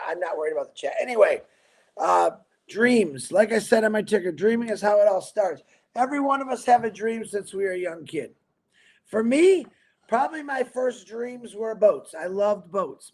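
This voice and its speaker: A man from Michigan hosting a livestream, giving a rambling, energetic motivational talk to his viewers. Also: high-pitched. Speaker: livestream host.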